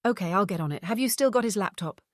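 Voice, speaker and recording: A woman voicing a blunt, wealthy, tech-savvy divorcee who explains things briskly in an audiobook. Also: mid-range voice, lively intonation, dry recording, studio quality, close to an everyday voice. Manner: brisk, matter-of-fact explaining.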